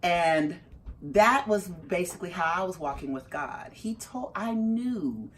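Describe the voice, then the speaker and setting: A woman's voice: unhurried, a little hiss or hum. A middle-aged woman, the mother of a parolee, telling her story in an interview and acting out her own reactions with big leaps in her voice. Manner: animated, acts out her own reactions with big jumps in pitch.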